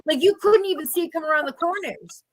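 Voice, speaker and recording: A middle-aged woman, telling animated stories in casual chat and acting out the people she quotes. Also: extremely high pitch, quick pace. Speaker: host.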